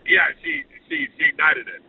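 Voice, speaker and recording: A man's voice: on the high side, normal speed, vocal fry, husky, no room sound. A man in his thirties hosting a talk show, telling a story and acting out the people in it. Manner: animated storyteller acting out quotes. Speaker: radio show host. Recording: phone-like narrow band.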